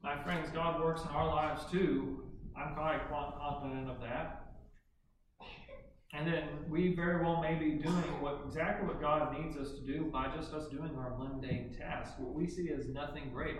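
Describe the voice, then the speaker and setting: A man preaching a sermon, asking the congregation questions and building to emphatic high points. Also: fairly even intonation, moderate pace, noisy background. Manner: preaching with rhetorical questions, rising to emphatic peaks. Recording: very echoey room, voice from a distance.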